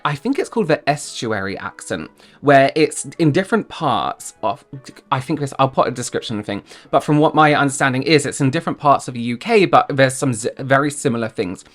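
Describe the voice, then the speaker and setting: A man's voice: medium pitch, fairly bright tone. A man with a southern English accent hosting a reaction video, talking in a chatty, exasperated way with frequent restarts. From England. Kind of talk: casual reaction commentary.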